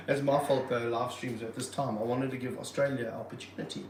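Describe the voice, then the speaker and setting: A man running a casual livestream from his reptile room, excitable and jokey, full of slang. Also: medium pitch, fairly quick, roomy sound, background noise. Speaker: reptile park owner and streamer.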